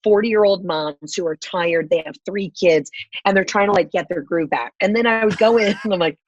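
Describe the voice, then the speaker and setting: A woman in her thirties from the American South, a podcast guest telling profane, animated stories in casual chat. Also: mid-range voice, moderate pace, no echo, dull audio. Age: 30s.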